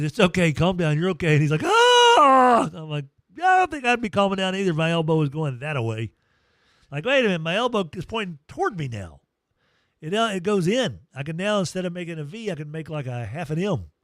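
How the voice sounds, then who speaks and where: A man's voice: mid-range voice, no room sound, clean studio sound. A man hosting a sports talk show, telling stories in a casual way, acting out quotes and reading sponsor spots. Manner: reads live sponsor reads. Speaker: sports radio host.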